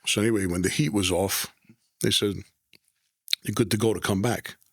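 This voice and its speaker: Low-voiced New man telling stories. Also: steady tone, moderate pace, no echo, studio quality. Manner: rambling, restarts mid-sentence. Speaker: guest, former mobster. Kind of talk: casual storytelling interview.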